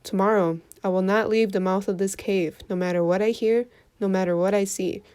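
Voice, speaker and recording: A woman's voice: medium pitch, steady tone, fairly quick, a little mellow, clear, resonant tone, close to an everyday voice. A woman voicing a cruel, boastful male king of sharks who rages and gives commands in a storybook reading. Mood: gloating. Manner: raging and commanding.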